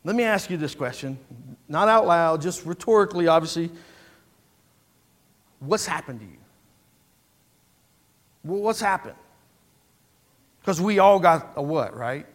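A man's voice: a little high, expressive, unhurried, pauses often. A man preaching a sermon in a conversational way, asking the congregation rhetorical questions and often restarting his words. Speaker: pastor.

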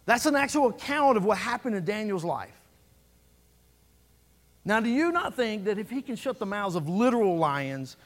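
A man preaching a sermon as pastor, fervent and building through repeated phrases. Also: sits high.

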